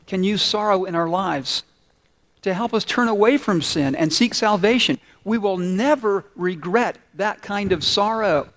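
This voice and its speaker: A man preaching a sermon, telling a story earnestly and slowing down to stress key points. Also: sits high, fairly bright tone. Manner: earnest, storytelling, slows down for emphasis. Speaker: pastor.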